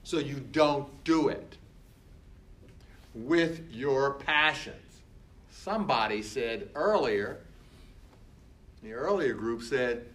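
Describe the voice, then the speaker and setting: A man's voice: mid-range voice, slow pace, pauses often, a bit bright. A man speaking as a coach in a motivational talk. He is emphatic and repetitive, and he acts out other people's words.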